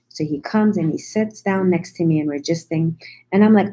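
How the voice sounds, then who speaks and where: A woman's voice: deep voice, brisk, dark tone, slight background noise. A woman telling a story in a casual, sassy chat to her viewers, teasing them and swearing freely as she answers their comments. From New York, USA. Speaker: vlogger talking to viewers.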